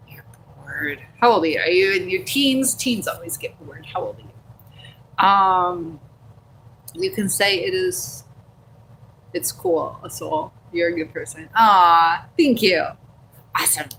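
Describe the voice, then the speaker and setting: A woman's voice: fairly low pitch, expressive, measured pace, vocal fry, pauses often, fairly bright tone, slight background noise, rough recording. A woman hosting a casual live stream from a handheld phone at home, reading out viewer comments and chatting in a rambling way with plenty of fillers. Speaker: livestream host.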